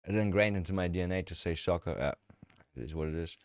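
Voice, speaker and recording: A man's voice: sits low, quick pace, no echo. A man streaming, making offhand and profane casual commentary.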